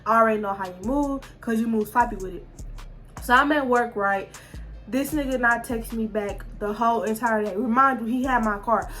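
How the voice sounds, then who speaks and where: A woman's voice: a little high, moderate pace, a bit bright, soft background music. A young woman, talking straight to her viewers in a candid, profane storytime monologue full of restarts. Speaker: vlogger.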